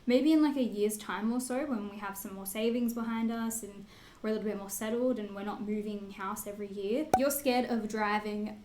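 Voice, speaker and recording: A woman's voice: medium pitch, moderate pace, a little mellow, echoey room, slight background noise. A woman in her twenties with an Australian accent, chatting candidly to camera as a vlogger, swearing freely with lots of fillers. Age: 20s. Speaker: beauty vlogger. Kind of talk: casual chat answering assumptions.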